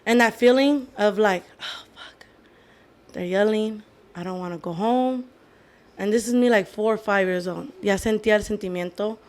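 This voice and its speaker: A woman's voice: medium pitch, normal speed, darkish tone. A woman on a casual podcast, telling a personal story in a candid way, swearing freely and slipping into Spanish phrases. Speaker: podcast co-host.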